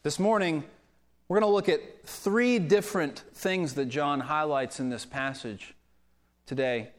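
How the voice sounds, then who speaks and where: A man preaching a sermon as a pastor, telling a story in a conversational way and getting animated when quoting others, in a church sanctuary. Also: a little high, measured pace. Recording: long reverb of a church hall.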